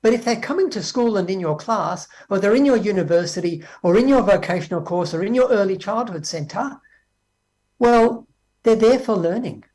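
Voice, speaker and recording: An Australian man giving a conference keynote on education, talking lively and acting out exchanges with teachers. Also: high voice, normal speed. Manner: lively, acts out dialogues with teachers. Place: speaking remotely from Australia.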